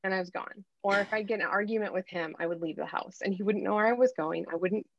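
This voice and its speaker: A woman's voice: mid-range voice, fast talker, muffled recording, a little hiss or hum. A woman in her thirties, a life coach, telling her story candidly and with animation in a podcast interview.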